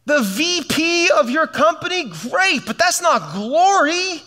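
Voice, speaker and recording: Exasperated scolding God , played by a male preacher, very high, incredulous. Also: animated, slow, bright, forceful tone, exaggerated voice. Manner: incredulous, emphatic questions.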